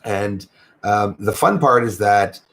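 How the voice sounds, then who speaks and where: A man's voice: lowish voice, slow pace, fairly bright tone. A man hosting a casual livestream, chatting with viewers, greeting them by name and often saying "eh". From Canada. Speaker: livestream host.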